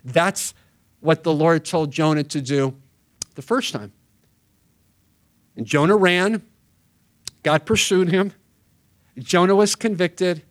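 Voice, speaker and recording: Pastor preaching, slightly high voice. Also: male voice. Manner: reads scripture aloud quickly, then preaches with earnest emphasis. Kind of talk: sermon with scripture reading.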